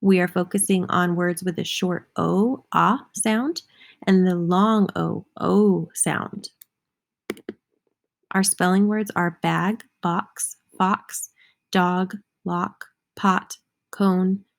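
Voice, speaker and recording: Young female teacher, early-grades lesson, very unhurried, spells out words patiently. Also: medium pitch, gravelly. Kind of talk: slow, clear lesson for young children.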